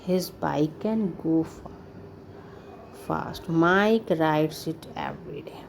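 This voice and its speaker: A woman reads simple children's stories aloud for a lesson, commenting as she goes and clearing her throat now and then. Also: deep voice, noisy background. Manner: slow, deliberate reading with little comments and throat clearing. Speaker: English teacher for children.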